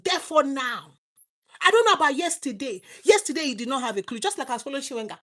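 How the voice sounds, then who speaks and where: A middle-aged Nigerian woman preaching a fervent sermon to online viewers, swinging between loud exclamations and low asides. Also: expressive, quick pace.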